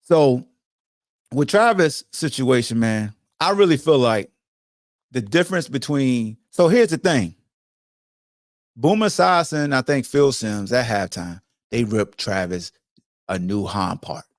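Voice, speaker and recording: Animated cursing male sports podcast host. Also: mid-range voice, unhurried, no room sound, clean studio sound. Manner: profane, animated, lecturing. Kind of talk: casual sports commentary rant.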